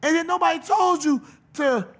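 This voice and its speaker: A man's voice: extremely high pitch, normal speed, a bit bright. A man hosting a podcast, delivering a profane, mocking comedic rant. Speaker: podcast host.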